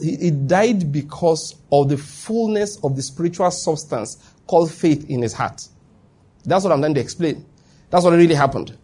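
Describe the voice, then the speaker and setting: Male preacher, somewhat high, husky and mellow, chatty teaching tone. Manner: chatty, full of rhetorical questions and asides. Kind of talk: conversational sermon teaching.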